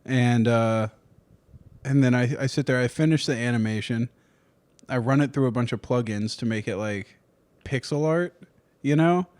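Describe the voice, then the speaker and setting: A man's voice: medium pitch, moderate pace, pauses often, darkish tone, smooth, no room sound. Man, podcast host, rambling joking stories, dry close sound. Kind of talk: casual chat.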